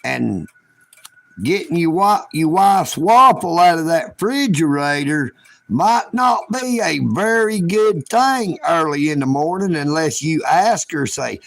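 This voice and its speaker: A man hosting a casual livestream, talking in a folksy, joking way. His voice is a little high and full of gravelly fry, and he takes his time over every word. The sound is dry and close. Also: expressive, measured pace, a bit bright, dry recording. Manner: folksy, rambling, joking drawl. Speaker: livestream host.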